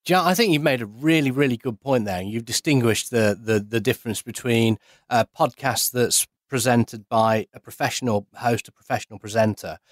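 A man's voice: medium pitch, moderate pace, hardly any pauses, dry recording. A man co-hosting a podcast, giving blunt, opinionated views in casual chat. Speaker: podcast co-host.

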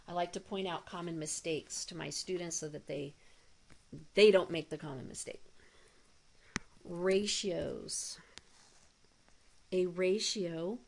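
A woman teaching math in an unhurried, measured way, counting things out one at a time. Her voice sits a little low and carries a gravelly edge. She drops in light jokes as she explains. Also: slight background noise. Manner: slow, deliberate explaining with playful asides. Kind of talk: recorded demo math lesson.

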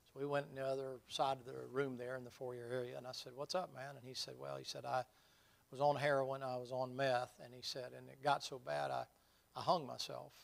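A middle-aged man preaching with a gravelly, fry-touched voice at an everyday pitch. He tells his stories in a folksy, conversational way. Then he presses his points loudly and emphatically. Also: flat delivery, fairly quick. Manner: folksy storytelling, rising to loud emphatic preaching. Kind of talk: sermon with personal stories.

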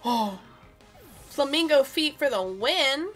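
Giggly high-voiced woman gaming. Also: expressive, slow pace, fairly bright tone. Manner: giggly, chatty, talks to the game characters. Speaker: gaming streamer. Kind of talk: casual let's-play commentary. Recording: faint game music behind.

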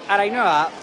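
High-voiced excited man. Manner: gushing, excitable, chatty. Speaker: travel vlogger. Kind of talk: live excited vlog commentary. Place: city balcony outdoors over a parade street. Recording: loud crowd and street noise outdoors. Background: crowd cheering, church bells.

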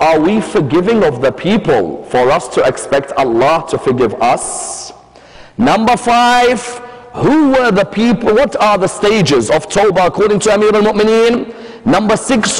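A man giving a religious lecture, telling the story with emphasis and posing rhetorical questions. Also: high-pitched. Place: Islamic centre lecture hall. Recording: long hall reverb.

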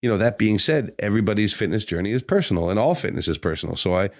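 A deep-voiced man on a fitness podcast, talking casually as a trainer and building into earnest rants. His voice sits very low and close, with a dry, dead sound around it. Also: lively intonation, very fast, dry recording. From Quebec. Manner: chatty, ranting with conviction.

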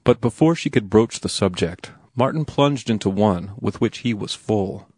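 A man reads an audiobook in a low register, taking a measured and even storytelling pace. The recording is close and dead dry, with no room sound. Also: breathy edge, no room sound. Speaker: audiobook narrator. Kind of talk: scripted audiobook narration.

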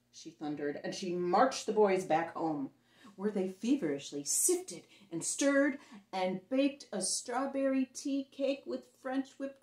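Storytime reader, woman, lowish voice, roomy echo. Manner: warm, friendly sign-off to young listeners. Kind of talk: reading a picture book aloud to children.

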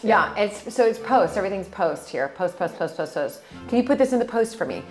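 A woman's voice: mid-range voice, expressive, a little fast, faint music behind. A middle-aged American woman, chatty, hosting a word quiz and talking straight to her viewers. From United States. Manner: chatty, quizzes others and addresses viewers. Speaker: host. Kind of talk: casual quiz chat.

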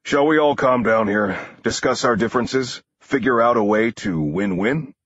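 A man's voice: medium pitch, moderate pace, fairly bright tone, breathy edge, no echo, highs cut off, pitched above the performer's own voice. A man voicing a male film producer who sounds overly sincere and oily. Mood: schmoozing. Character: smooth-talking male film producer in schmooze mode.

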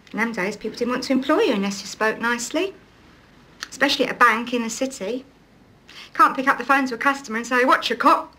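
A woman's voice: high-pitched, sharp tone. An actress playing a prim, chatty middle-aged woman who tries to sound posh, talking in a coaxing sing-song way in a film drama. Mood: indignant. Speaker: employer. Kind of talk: 1980s film drama acting.

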